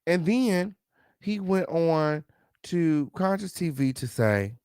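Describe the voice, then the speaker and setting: Brash, foul-mouthed gossip host, dry sound. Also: male voice, on the high side, expressive, slow pace, a little mellow, clear, resonant tone, no room sound. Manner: brash, sassy, swearing, repeats "okay" and "period". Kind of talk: profane celebrity gossip commentary.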